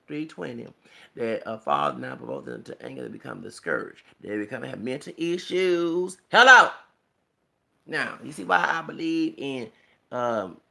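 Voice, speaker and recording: A man's voice: mid-range voice, vocal fry, a bit bright. A man vlogging a rambling, emphatic commentary monologue, preachy and quoting scripture, punctuated with rhetorical "okay?" and "hello!".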